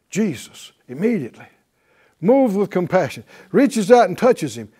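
A man teaching a Bible class in a fervent preaching style, breaking into hallelujahs and quick laughs. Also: sits high, sing-song, dark tone, breathy edge.

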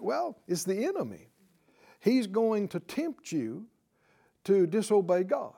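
A middle-aged male preacher teaches from the Bible at a slow, deliberate pace. His voice sits a little high for a man yet sounds dark and mellow. He talks earnestly and keeps putting questions to his listeners. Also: big pitch swings, creaky, husky.

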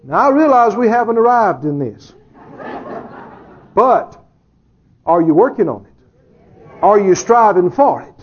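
A man's voice: high-pitched, sing-song, unhurried, pauses often, slightly rough, dull audio. A man preaching a sermon who jokes with the congregation, chuckles often, and asks rhetorical questions.

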